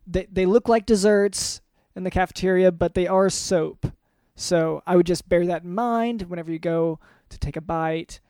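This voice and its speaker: Deadpan male co-host, dry close mic, lots of "um"s and stalls. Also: sits high, normal speed, clear, resonant tone, no echo. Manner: deadpan, hesitant, many fillers. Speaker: podcast co-host. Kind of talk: deadpan comedy podcast chat.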